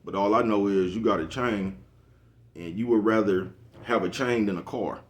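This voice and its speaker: A man's voice: lowish voice, normal speed. A man, talking casually to camera, rambling, repeating "you know what I'm talking about" and laughing at his own jokes. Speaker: vlogger. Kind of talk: casual monologue.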